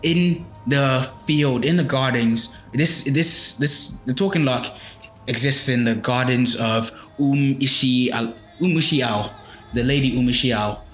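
A podcast storyteller casually retells a folk tale, his phrasing loose and full of fillers and restarts. His mid-range voice is a bit bright and a little slow, in an echoey room with faint music.

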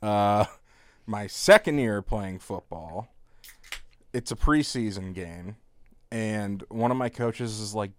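A man in his thirties with a low voice tells stories in a casual podcast chat. He is animated and breaks into laughter often. The sound is dry and close, with no room around it. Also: slow, no room sound. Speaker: podcast co-host.

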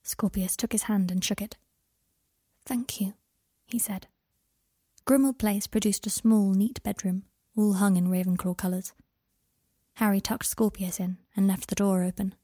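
A woman narrating a story in an even, quiet storytelling manner. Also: mid-range voice, normal speed, dry recording, clean studio sound. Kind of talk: storybook reading.

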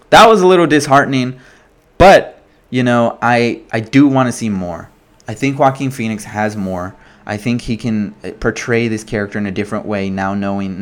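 A man hosting a casual solo commentary, talking in an animated way with lots of swearing, fillers and restarts. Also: lowish voice. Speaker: podcast host.

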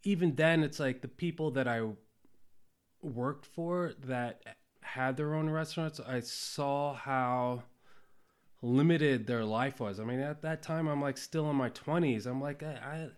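A man in his forties talks as a guest on a casual podcast. He tells stories at an easygoing pace, filled with ums and "you know", in a middle-pitched voice. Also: unhurried, clear, resonant tone. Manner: relaxed storytelling with many fillers. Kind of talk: casual conversation.

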